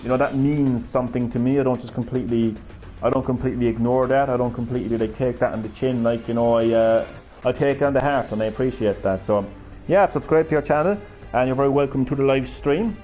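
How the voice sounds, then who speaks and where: A man's voice: medium pitch, fairly even intonation, fast, warm tone, faint music behind. A man live-streaming a fighting game, chatting casually, rambling and swearing freely as he plays. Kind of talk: casual gameplay commentary.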